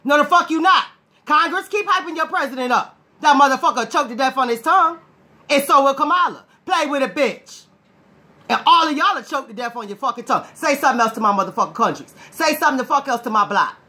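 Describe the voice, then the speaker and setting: A woman, ranting loudly and confrontationally, swearing and repeating herself. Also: sits high, expressive, fast talker. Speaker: online ranter. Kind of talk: angry direct-to-camera rant.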